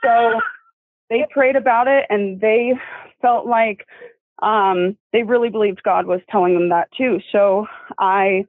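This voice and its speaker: A woman's voice: medium pitch, expressive, no echo. Tearful young woman on a phone line. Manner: tearful, apologetic, halting, laughs often while soothing her baby. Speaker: guest telling her testimony. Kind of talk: emotional phone interview. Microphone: phone call. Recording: dry tinny phone line.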